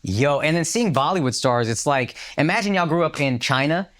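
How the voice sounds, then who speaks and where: A man's voice: fairly high pitch, lively intonation, fairly quick, fairly bright tone. A man co-hosting a podcast, telling a story in casual chat, acting out the voices of people he quotes and swearing freely. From United States. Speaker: podcast co-host.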